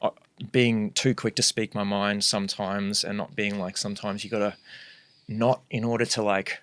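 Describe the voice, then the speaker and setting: A man's voice: on the low side, level tone, normal speed, fairly bright tone, smooth. A young man talking as a guest MC on a casual podcast, earnest and rambling as he thinks aloud.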